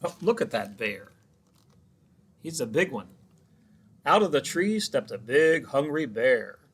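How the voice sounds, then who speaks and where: A man's voice: mid-range voice, very animated, a little slow, husky. A man who is a children's librarian, reading a picture book aloud with chatty asides to the children.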